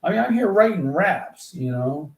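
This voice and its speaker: Gravelly man musing aloud over lyrics. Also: on the high side, big pitch swings. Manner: musing, talks to himself in halting bursts. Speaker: rapper writing lyrics. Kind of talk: thinking aloud while songwriting. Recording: roomy echo, faint background noise.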